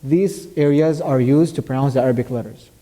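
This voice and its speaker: A man teaching a tajweed lesson. He explains step by step, recites short Arabic verses, and quizzes his student along the way. His voice is warm and mellow and carries a long hall reverb. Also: mid-range voice, a little fast. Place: mosque classroom.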